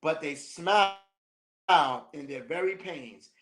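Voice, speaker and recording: A high-pitched man leads a teaching session, reading a passage aloud and cutting in with loose, slangy jokes. He laughs often between the lines. The room around him rings with a noticeable echo. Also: slow pace, a bit bright. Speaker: minister teaching a class. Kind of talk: reading a text aloud and commenting casually.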